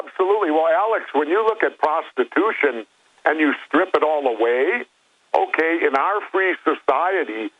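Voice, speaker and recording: An older man, a guest calling in, telling stories and arguing bluntly in a phone interview. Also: a little high. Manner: blunt, storytelling. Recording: tinny phone line.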